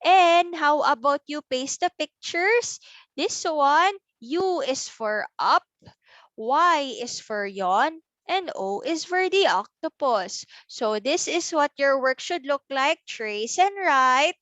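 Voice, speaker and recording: A preschool teacher, a woman with a high voice, talks children through their worksheets at an unhurried pace. She spells words out letter by letter with patient, careful pronunciation. The recording is dry and close, with no room sound. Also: expressive, fairly bright tone, no room sound. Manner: slow, clear, sounding out letters for small children. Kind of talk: recorded class lesson.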